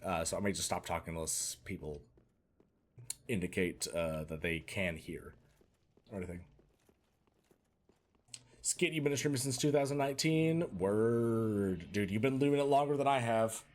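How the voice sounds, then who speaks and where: A man's voice: fairly low pitch, moderate pace, long pauses. A man streaming a video game live in a put-on Boston and New York accent, chatting with his viewers and tossing out mock-tough asides as he plays. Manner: chatty, talks to chat while playing, mock-tough asides. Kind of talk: live gaming commentary.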